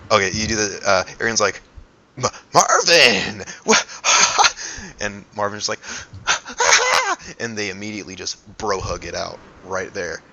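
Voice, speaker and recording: A man's voice: lowish voice, little pitch movement, brisk, vocal fry, few pauses, pushed and bright. A man narrating a tabletop game as game master, rambling with many fillers, on a dull lo-fi recording.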